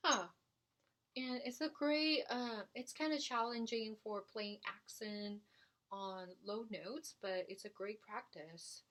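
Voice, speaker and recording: Slow, hesitant woman flute teacher. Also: mid-range voice, fairly bright tone. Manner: slow, hesitant, many fillers. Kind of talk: beginner music lesson.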